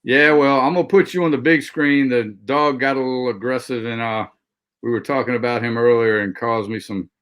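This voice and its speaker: A man hosting a casual live interview stream, with a middle-pitched, everyday voice. He talks in a loose, friendly way, often restarting and repeating words mid-thought. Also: fairly even intonation, fairly quick, a bit bright. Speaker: host.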